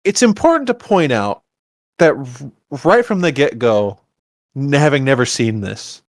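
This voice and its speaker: A man co-hosting a podcast, chatting casually about a film and acting out the characters' lines in an animated way. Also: mid-range voice, a little slow, no room sound, studio quality. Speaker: podcast co-host. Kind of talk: casual movie review chat.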